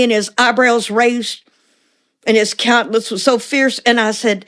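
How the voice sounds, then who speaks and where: An older woman in her seventies tells a personal story with animated energy, slipping into the voices of the people she describes. Her voice sits a little higher than most women's. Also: measured pace. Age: 70s. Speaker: guest. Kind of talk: storytelling in conversation.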